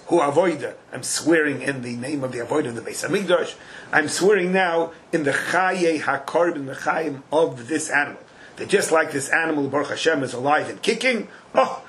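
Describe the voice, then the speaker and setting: A man leads a Talmud lesson, slipping into an animated sing-song whenever he quotes the text. His voice sits a little high for a man, and a faint hiss of room noise runs underneath. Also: rough recording. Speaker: Talmud teacher. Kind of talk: Talmud class lecture.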